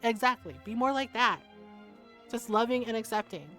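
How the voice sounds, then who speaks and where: A woman's voice: on the high side, normal speed, a bit bright, faint music behind. A woman in her forties streaming a game, talking with her chat in a frank, heated way, swearing freely and laughing often. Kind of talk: casual livestream chat.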